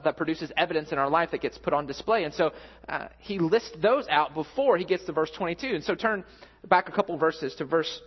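A man in his thirties, a pastor preaching a sermon in a conversational, earnest way. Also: on the high side. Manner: conversational, earnest, builds up when telling stories. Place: church hall. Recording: muffled with a long hall echo.

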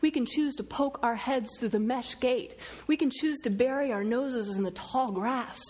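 Woman preacher, middle-aged, storytelling sermon delivery, a touch high-pitched. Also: normal speed, husky. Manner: storytelling, quoting others in lively voices. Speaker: speaker.

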